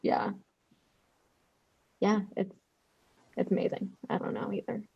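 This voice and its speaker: A woman's voice: mid-range voice, level tone, unhurried, vocal fry, husky. A woman guesting on a casual podcast, easygoing with short replies. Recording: dull lo-fi audio.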